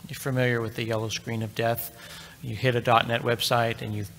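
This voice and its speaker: A man's voice: mid-range voice, level tone, fairly quick, a bit bright, a little hiss or hum. A middle-aged man giving a live conference tech talk, telling a story in a chatty, joking way and speaking straight to the crowd. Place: large conference hall. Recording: long reverb of a large hall.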